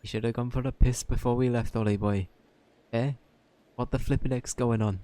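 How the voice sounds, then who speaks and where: A man's voice: mid-range voice, steady tone, a little fast, mellow, a little hiss or hum, lightly acted. A man voicing a cheeky little male fairy sidekick in a game, in a put-on Welsh accent with chummy, slangy talk. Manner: chummy, colloquial, rough-edged slang.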